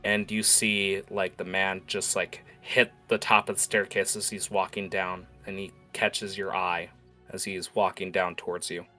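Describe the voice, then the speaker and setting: A man runs a tabletop role-playing game, describing the scene in a loose, filler-heavy way. His voice is lowish with a bright, forceful tone. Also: level tone, moderate pace, soft background music. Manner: loose narration full of "uh" and "like". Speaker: game master.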